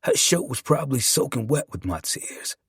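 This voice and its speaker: A man's voice: medium pitch, sing-song, normal speed, husky, dry recording, clean studio sound. A man narrating a dramatic first-person story with emotion and profanity.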